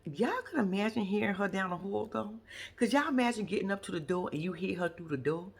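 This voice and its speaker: A woman's voice: a little fast, slightly rough. A woman giving blunt, sassy, profane running commentary as a recap vlog host. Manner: lively, swoops high for asides.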